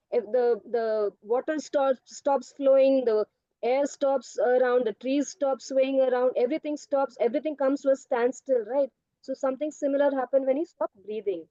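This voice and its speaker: A woman's voice: high-pitched, warm tone, no room sound. A woman teacher on a video call, patiently explaining a story to children and calling them "beta". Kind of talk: online class answering students' questions. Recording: dull online call audio.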